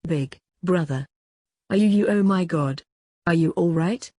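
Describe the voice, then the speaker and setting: A woman voicing a bossy, sharp-tongued teenage little sister. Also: lowish voice, measured pace, dry recording, clean studio sound. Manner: bossy, snappy.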